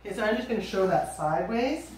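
A woman teaching a yoga class, giving calm, gentle cues with casual asides. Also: mid-range voice, fast. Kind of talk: guided yoga class instruction. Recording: echoey room, voice from a distance, faint noise.

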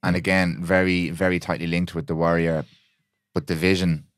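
A man hosting a podcast, talking in a brisk, candid way. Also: deep voice, level tone, no echo, clean studio sound. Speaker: podcast host. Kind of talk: casual podcast conversation.

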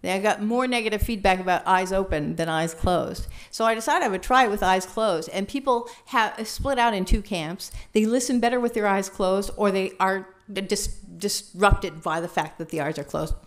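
A woman trainer leading a workshop, talking in a lively, conversational way and asking the room questions. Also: mid-range voice, normal speed, few pauses. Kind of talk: teaching a workshop.

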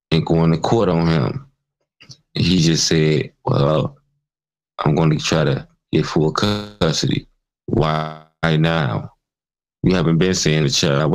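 A channel host with a low-pitched voice delivers an angry, profane rant full of mockery in his own commentary vlog. The recording is rough.

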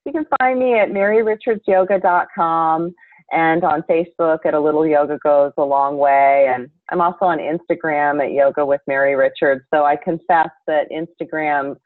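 Low-voiced woman on a tinny call. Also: no room sound. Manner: calm, measured, instructive. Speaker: yoga teacher guest. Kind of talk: explanatory interview answers. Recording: tinny dry call audio.

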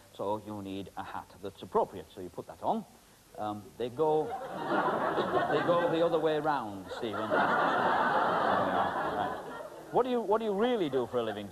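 A middle-aged man doing comic stage patter with volunteers as a magician host, chatty and teasing with many fillers. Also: mid-range voice. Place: TV studio stage with live audience. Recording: hissy 1980s TV broadcast.

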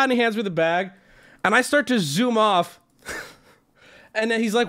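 A young adult man streaming, telling a story to his chat in a casual, swearing way, jumping into high yelps when he quotes himself. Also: normal speed, pauses often, fairly bright tone.

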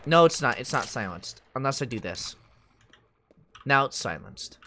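A man's voice: medium pitch, sing-song, normal speed, bright, forceful tone, a little hiss or hum. A young man streaming a video game, talking casually and swearing often, with frequent frustrated outbursts at the game. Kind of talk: live gameplay commentary.

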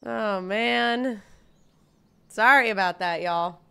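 A young woman chats through a gameplay livestream, bubbly and talkative with her viewers. Her voice is bright and lively. She sounds close to a desk mic at home. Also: mid-range voice, slow pace, vocal fry, clean tone. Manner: chatty, bubbly, talks to viewers. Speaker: streamer.

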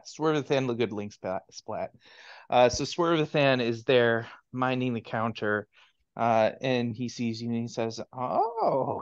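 A man running a tabletop game as game master, narrating with many pauses and fillers. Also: medium pitch, smooth, no room sound. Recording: dull lo-fi, dry.

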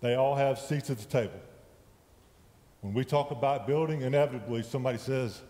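A man's voice: medium pitch, a little fast, warm tone. A man giving a conversational sermon in a church, often checking in with his listeners. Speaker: lay preacher. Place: church sanctuary. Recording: echoey church hall with long reverb.

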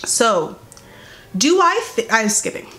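A young woman giving sassy, incredulous commentary as she reads a statement aloud, jumping between high exclamations and low mutters. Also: very animated, takes it slowly, bright, forceful tone. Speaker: commentary YouTuber.

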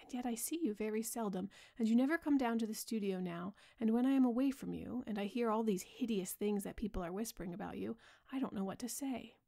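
A woman's voice: on the high side, fast, creaky, hardly any pauses. A woman reading a grave, earnest male painter. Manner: earnest, pleading, softly spoken. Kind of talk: bedtime audiobook reading.

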